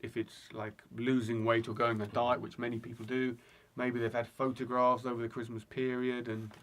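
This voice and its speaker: A man's voice: medium pitch, level tone, normal speed, a bit bright. A man co-hosting a casual podcast, a language teacher who explains at length and makes dry jokes. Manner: dry joking, rambling explanations. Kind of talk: casual chat.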